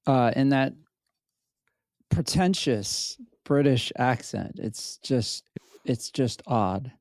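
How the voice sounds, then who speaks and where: Slow, hesitant American pastor. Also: male voice, mid-range voice, no room sound, clean studio sound. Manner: hesitant, deadpan. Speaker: pastor, co-host. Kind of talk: casual chat.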